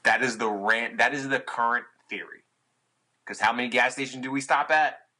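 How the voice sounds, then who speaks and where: A man's voice: medium pitch, moderate pace, sharp tone, rough recording. A young man, a guest on a podcast, telling a tour story in casual, profane chat and acting out his own past lines. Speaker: podcast guest, touring musician.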